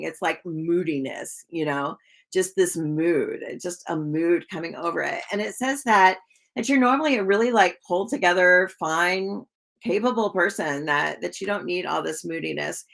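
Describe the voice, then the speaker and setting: A woman giving live-stream tarot readings in a chatty, gushing way, full of likes and ums and quick laughs. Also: fairly low pitch, creaky. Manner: chatty, warm to viewers, laughs often. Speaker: tarot reader.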